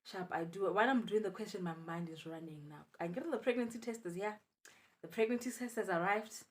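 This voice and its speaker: A young woman with a South African accent tells her story in a vlog, dramatic and full of exclamations. Her voice sits a little low for a woman. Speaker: vlogger.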